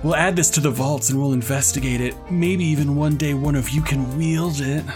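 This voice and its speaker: A man's voice: a little high, fairly even intonation, brisk, over music, close to an everyday voice. A man voicing a haughty female academy headmistress with a snooty, disdainful manner.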